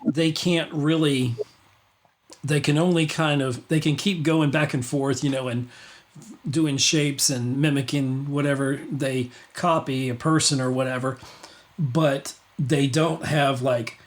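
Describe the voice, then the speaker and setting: A man's voice: mid-range voice, steady tone, a little slow. A man hosting a casual livestream podcast, rambling with many restarts and fillers. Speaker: podcast host.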